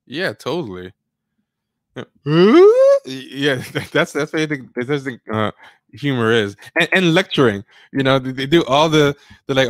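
A man talks in a loose, rambling livestream chat, sardonic and mocking, at an ordinary middle pitch. The sound is dry and close, with no room around it. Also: a bit bright, dry recording. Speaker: podcast co-host. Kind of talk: casual livestream commentary.

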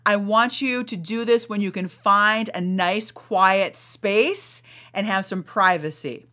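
A woman's voice: medium pitch, takes it slowly, pushed and bright. A woman, a weight-loss coach and podcast host, giving emphatic coaching talk and leading a guided meditation, often asking "right?".

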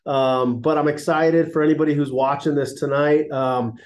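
A man's voice: fairly high pitch, steady tone, moderate pace, a little mellow. Congested, nasal man with a folksy talk. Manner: folksy and enthusiastic, with exclamations. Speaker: chiropractor. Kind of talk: casual livestreamed health talk. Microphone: laptop and phone mics.

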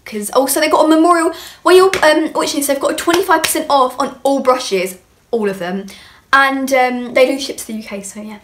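A woman's voice: high voice, a little fast. A young woman chatting through an unboxing as a beauty vlogger, bubbly and rambling as she gushes. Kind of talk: casual unboxing chat. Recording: clear background noise with clicks.

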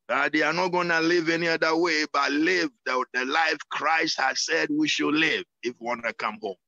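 A man's voice: on the high side, creaky, pushed and bright, dry recording, lo-fi sound. A man preaching a sermon and praying, fervent, with sudden whoops, often repeating his words. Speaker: apostle preaching. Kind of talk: sermon and prayer.

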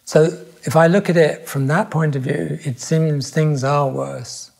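An older man, a podcast guest speaking thoughtfully in reflective conversation, pausing and restarting his sentences. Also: fairly high pitch, fairly even intonation, gravelly, darkish tone, breathy edge. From England.

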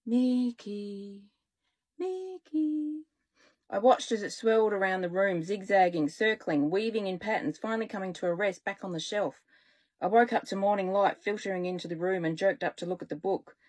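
A woman children's author reading aloud from her own stories, with lively, expressive storytelling. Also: mid-range voice, a little fast.

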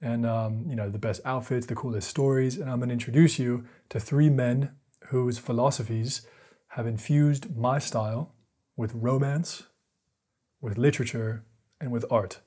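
Mellow, husky-voiced man narrating a video essay. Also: medium pitch, steady tone, normal speed. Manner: playful, self-mocking; dramatic storytelling.

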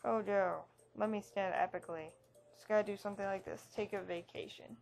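A woman's voice: medium pitch, steady tone, fairly quick, vocal fry, a little mellow, faint music behind. A woman giving casual, jokey commentary as she plays through a game, reading its text aloud with wry asides. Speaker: let's play host.

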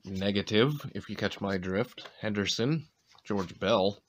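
Opening card packs in casual commentary, a deep-voiced host from Maine with a light New England accent reads out player names and chats in between. He speaks a little slowly and keeps clearing his slightly sore throat. Wrappers rustle faintly, with slight background noise.

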